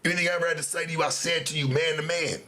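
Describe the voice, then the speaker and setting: A man's voice: on the high side, steady tone, very fast, bright, forceful tone. Confrontational man ranting on a livestream. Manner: confrontational, slangy street talk. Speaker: livestream host. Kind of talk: livestream rant.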